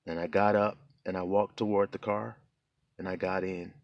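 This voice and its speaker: A man's voice: deep voice, level tone, normal speed, no echo, dull audio. A man telling a heartfelt personal testimony in a plain-spoken, casual way as he preaches. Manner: earnest, heartfelt storytelling.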